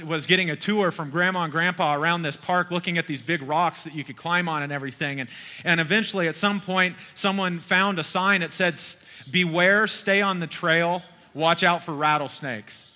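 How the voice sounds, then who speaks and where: A man's voice: high-pitched, bright, forceful tone. Folksy preacher man in a reverberant hall. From Kentucky. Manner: conversational, folksy preaching with rhetorical questions. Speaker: pastor. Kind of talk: sermon.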